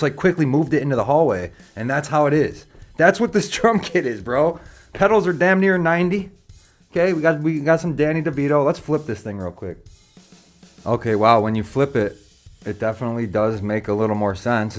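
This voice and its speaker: A young man, rating drum kits in casual, joking chat, swearing freely and calling listeners brother. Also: medium pitch. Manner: joking, profane, slangy, calls viewers brother.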